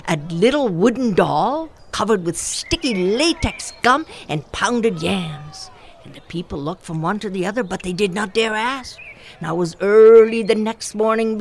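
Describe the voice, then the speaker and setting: A woman telling a folktale aloud, expressive and rhythmic, with repeated phrases. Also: mid-range voice. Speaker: storyteller. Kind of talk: oral folktale storytelling.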